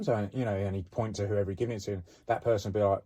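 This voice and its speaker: A middle-aged man with a low, husky, mellow voice recounts his police days in a relaxed, chatty way. He fills his sentences with "you know" and "um" as the story rolls along. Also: fast. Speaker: former police officer telling stories. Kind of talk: casual anecdotal storytelling.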